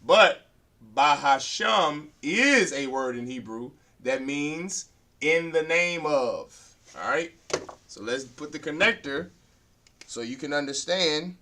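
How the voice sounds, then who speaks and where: Male class instructor; unhurried, repetitive delivery, crisp and bright voice, walks students through sounds piece by piece. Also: a little high, lively intonation. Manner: slow, repetitive, sounds out words syllable by syllable. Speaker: Hebrew language teacher. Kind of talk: classroom lesson at a whiteboard.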